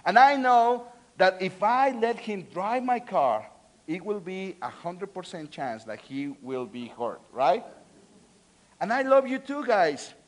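A man, swinging between loud pleading and soft earnestness, often restarting and repeating words. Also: high-pitched, sing-song, slow. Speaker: preacher. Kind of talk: sermon.

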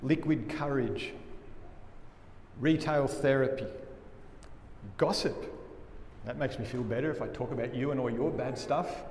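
A man preaching a sermon as a pastor, earnest and emphatic, often dropping his voice low for weight. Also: measured pace, long pauses, a little mellow. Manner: earnest, emphatic preaching with dramatic drops in volume. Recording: echoey hall with faint room noise.

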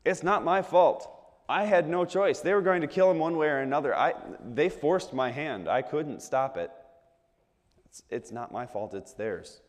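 A man's voice: on the low side, fairly even intonation, measured pace, a little mellow, natural voice. A man voicing a Roman governor who pleads excuses and insists none of it is his fault, speaking in a large reverberant hall. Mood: pleading.

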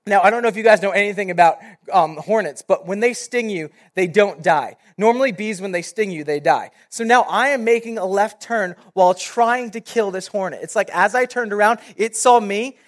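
A young man, a youth pastor, giving a sermon and telling a personal story in a casual, animated way. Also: high-pitched, normal speed, few pauses.

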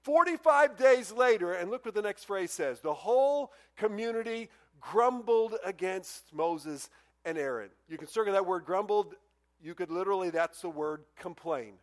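Preacher, male, high voice, animated delivery with raised acted-out quotes. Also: normal speed. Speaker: pastor. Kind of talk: sermon.

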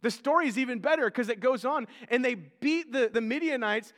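A man's voice: extremely high pitch, a little fast, a bit bright. A male pastor preaching a sermon in a conversational way, often repeating words and acting out the figures he quotes. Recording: long hall reverb.

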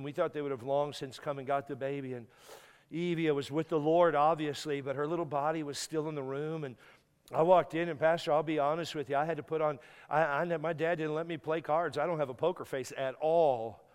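A man's voice: fairly high pitch, clean tone. Tearful man preaching in a reverberant hall. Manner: halting, repeats words when moved. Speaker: guest pastor. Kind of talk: emotional sermon storytelling.

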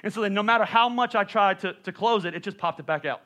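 Pastor, male, thirties, bright high voice, playful storytelling sermon with self-mocking humor. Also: quick pace, dull audio.

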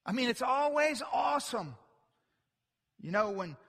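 Male preacher, high bright voice, slow deliberate delivery, big church reverb. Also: big pitch swings, creaky. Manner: emphatic, builds from quiet to loud. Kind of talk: sermon. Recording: long reverb from a large hall.

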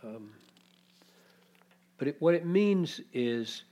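A man's voice: fairly high pitch, animated, slow pace, warm tone. A man preaching an expository sermon, teaching reflectively and posing rhetorical questions to his listeners.

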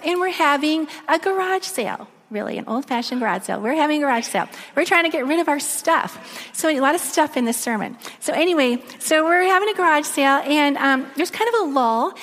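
A middle-aged woman preaching a sermon, telling a personal story in a chatty, lively way full of fillers. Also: high voice. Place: church hall. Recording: long reverb in a large hall.

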